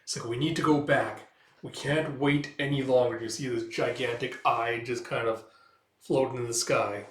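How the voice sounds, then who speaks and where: A man's voice: medium pitch, fairly even intonation, normal speed, echoey room. A man reading through a comic book aloud in a casual, loose way, paraphrasing the dialogue with fillers.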